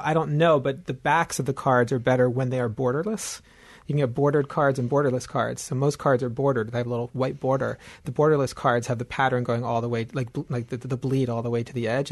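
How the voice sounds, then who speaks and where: A man, a novelist, talking casually in an interview, thoughtful and animated, often restarting his sentences. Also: medium pitch, dry recording. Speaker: novelist guest.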